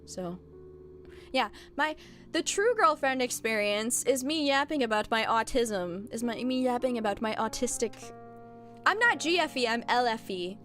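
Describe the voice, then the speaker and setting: High, lively-voiced woman streamer. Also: normal speed, soft background music. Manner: animated, chatty, laughs often, blunt. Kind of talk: casual chat with viewers.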